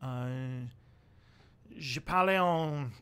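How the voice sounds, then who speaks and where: A man's voice: medium pitch, extremely slow, sharp tone, smooth. A young man hosting a casual livestream, answering viewer questions in a rambling way, thinking aloud with fillers and restarts.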